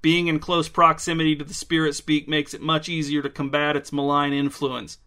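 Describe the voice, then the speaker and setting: A man voicing a brusque, bossy middle-aged man with a quick temper who gives orders. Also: a little high, level tone, sharp tone. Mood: commanding.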